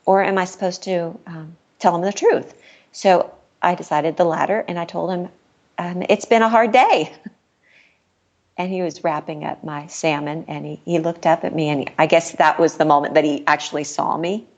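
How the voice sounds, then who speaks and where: A woman's voice: deep voice, fairly even intonation, normal speed, dull audio. A middle-aged woman, a podcast guest, telling a personal story in a candid, earnest way and laughing now and then. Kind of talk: personal storytelling in casual chat.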